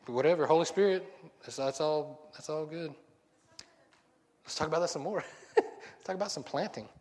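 Male preacher, casual sermon; rambling and joking, slightly high voice, long reverb of a big hall. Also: moderate pace, a little mellow. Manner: rambling, self-interrupting, joking.

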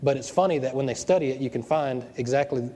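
A male pastor delivers a sermon in a relaxed, conversational way, tossing out rhetorical questions and doubling back on his words. His voice is mellow and dark, picked up by a worn microphone, and it rings with the long reverb of a big hall. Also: mid-range voice, fast. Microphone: wearing a microphone.

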